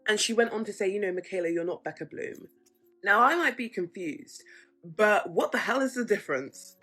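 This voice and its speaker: A woman's voice: medium pitch, animated, moderate pace, pushed and bright, husky, soft background music. A woman in a played clip from a content creator, giving a pointed, skeptical opinion in a conversational way.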